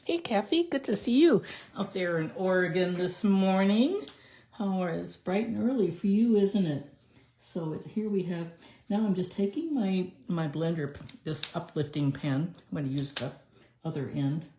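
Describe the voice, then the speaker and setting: A woman's voice: on the low side, moderate pace, dark tone, a little hiss or hum. A woman doing a live card-making demonstration, chatting through each step as she works. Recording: echoey room.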